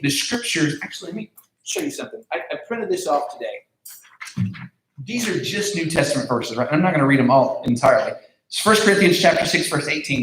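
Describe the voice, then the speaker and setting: A man's voice: on the high side, slight background noise. A man giving a casual youth group talk as pastor, conversational, with many fillers and repeated words. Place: large room with a group. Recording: echoey room.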